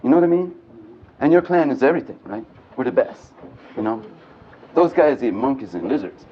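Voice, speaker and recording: A man giving an animated storytelling lecture to a live audience at a men's gathering, joking and speaking bluntly. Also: mid-range voice, measured pace, pauses often, a faint crowd, slight background noise. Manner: animated and earthy, mixing jokes and blunt language. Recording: dull lo-fi archive tape.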